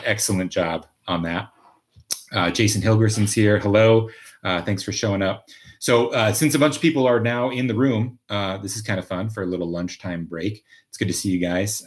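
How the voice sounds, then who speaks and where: A man from Minnesota, casually hosting a live stream, chatting and reading viewer comments with lots of fillers and restarts. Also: fairly low pitch. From Minnesota, USA. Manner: rambling, many fillers and restarts. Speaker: livestream host.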